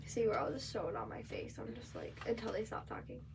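Blunt young woman with a gravelly voice. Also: fairly high pitch, very animated, fast, in a whisper. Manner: blunt, swears freely, many "like" fillers. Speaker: podcast co-host. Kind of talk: casual chat. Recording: distant mic, faint background noise.

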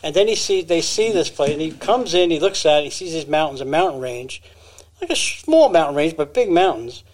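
A man's voice: a little high, very animated, fairly quick, a little mellow. A man co-hosting a podcast, casually retelling a story with fillers and restarts. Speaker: podcast co-host.

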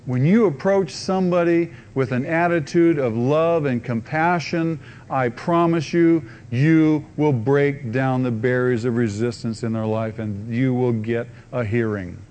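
A man preaching a sermon as pastor, swinging from rising, loud repeated cries to a hushed, soft pleading voice. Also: medium pitch, a little slow, hardly any pauses.

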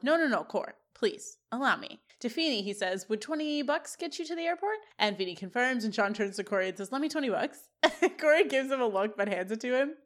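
Young woman podcast co-host, casual recap, animated and playful delivery. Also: medium pitch. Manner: animated retelling with quoted lines.

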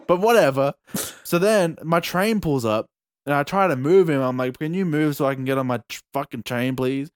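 A young man with an Australian accent telling a story in a casual chat, animated and swearing freely. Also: on the high side, normal speed, smooth, no echo, clean studio sound.

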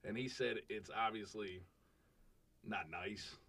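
A man's voice: on the low side, slow, a bit bright, breathy edge. Man, podcast host, casual chat, rambling, profane. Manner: profane, rambling, self-deprecating.

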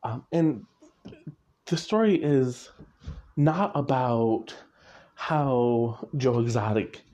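This man, an author, talks loosely about his writing, drifting from point to point, correcting himself and laughing softly along the way. His medium-pitched voice is mellow and he draws out his words. The recording is lo-fi and muffled.

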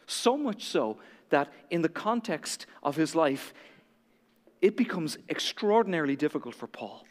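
A male pastor preaching in a church with a notably high, light voice. His delivery is dramatic storytelling that sinks to hushed lows and climbs to emphatic highs, and a long reverb trails each phrase. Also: sing-song, moderate pace. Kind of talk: sermon.

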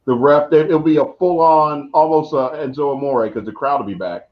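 A man's voice: fairly high pitch, brisk, highs cut off. A man co-hosting a casual wrestling chat, pushing questions and laying out booking ideas. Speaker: podcast co-host.

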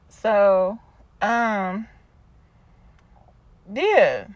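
A woman talks through her week like a diary entry, loose, chatty and quick to laugh. Her voice sits at an ordinary middle pitch for a woman, and her asides spill out in a friendly, playful flow. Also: animated, dry recording. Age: 30s. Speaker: podcast host. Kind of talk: casual voice-diary monologue.

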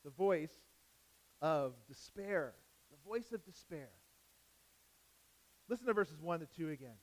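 A man preaching a sermon, repeating key phrases for emphasis and asking the congregation rhetorical questions, swinging between loud emphatic lines and soft low asides. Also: animated, measured pace, poor audio. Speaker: pastor.

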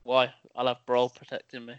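A man co-hosts a casual podcast, chatty and full of jokes. His voice is bright and sharp. The sound is dry and close, with no room in it. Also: mid-range voice, completely flat delivery, moderate pace, smooth, no echo, muffled recording. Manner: jokey, chatty. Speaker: podcast co-host.

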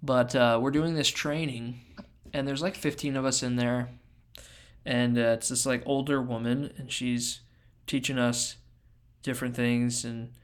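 A man co-hosting a casual podcast, telling a story in an animated way and acting out the other people's voices. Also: mid-range voice, unhurried. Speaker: podcast co-host.

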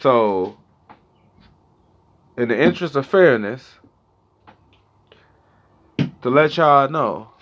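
A man's voice: mid-range voice, expressive, very slow, long pauses, slight background noise. Slangy man in his thirties rambling. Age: 30s. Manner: slangy, swearing, talks straight to viewers, swings from mumbling to loud. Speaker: vlogger. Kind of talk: casual rambling monologue to viewers. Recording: dull lo-fi sound.

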